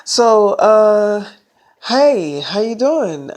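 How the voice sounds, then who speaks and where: A man voicing a polite, cheerful young actress on a phone call, slightly raised in pitch. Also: sing-song, drawn-out words, darkish tone, heavily acted.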